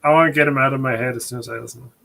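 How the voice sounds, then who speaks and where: A man's voice: mid-range voice, fairly even intonation, rapid-fire, vocal fry, crowd noise, rough recording. A man co-hosting a casual podcast, joking in a sarcastic, teasing way. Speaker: podcast co-host.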